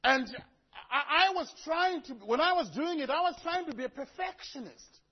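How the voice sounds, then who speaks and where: A man's voice: very high voice, normal speed, lo-fi sound. A man from Africa preaching a sermon to a congregation, telling stories with humorous asides. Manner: lively storytelling with humorous asides. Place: church before a congregation.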